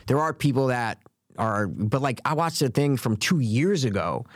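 Man, podcast co-host, casual chat, lively swoops when he acts out quotes, dry close sound. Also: moderate pace, dry recording. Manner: animated, acts out quotes with big pitch jumps; repeats points for emphasis.

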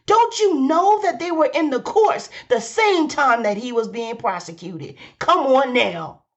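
Woman preaching, high lively voice, fervent, repeats lines, dull lo-fi sound. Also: a little slow. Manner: exclaims and hums between phrases. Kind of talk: sermon.

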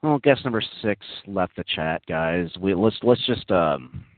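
A man's voice: deep voice, expressive, a little slow, dry recording. A man hosting a casual online radio talk show, rambling in a mock-serious way with many fillers, heard as tinny, phone-like audio. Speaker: host.

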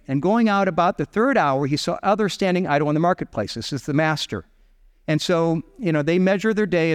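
A middle-aged man preaching a sermon as pastor, telling the story with animated storytelling and acting out the voices of the characters. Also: fairly high pitch, long reverb tail. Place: church sanctuary.

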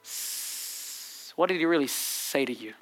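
A man voicing a scheming male serpent-tempter spirit in a low, coaxing, whispered role-play. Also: fast talker, over music, lightly acted, poor audio. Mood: insinuating. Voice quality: hushed, hissing.

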